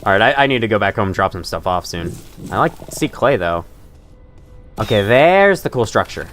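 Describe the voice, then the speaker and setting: A man's voice: fairly low pitch, big pitch swings, brisk, a bit bright, faint music behind. A man streaming a game live, chatting casually, laughing often and poking fun at himself. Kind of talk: live gameplay commentary.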